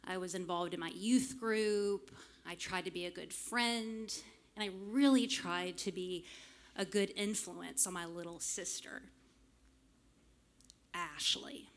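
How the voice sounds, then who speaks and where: A woman, telling a humorous personal story live on a club stage into a microphone, lively and self-mocking with frank swearing. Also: lowish voice, takes it slowly. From small town in Arkansas, US. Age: late 30s. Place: stage of a small music club. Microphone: stage microphone fed straight from the soundboard.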